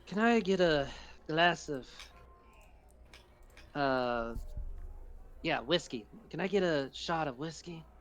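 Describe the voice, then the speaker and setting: Slow-talking man player, slightly high voice. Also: soft background music. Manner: relaxed, hesitant with uh fillers. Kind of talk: tabletop role-play chat.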